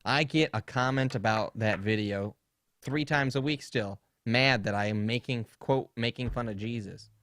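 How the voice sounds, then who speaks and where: A man's voice: medium pitch, unhurried, fairly bright tone, no echo. A young man co-hosting a podcast, rambling through funny stories in casual chat and laughing often. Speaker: podcast co-host.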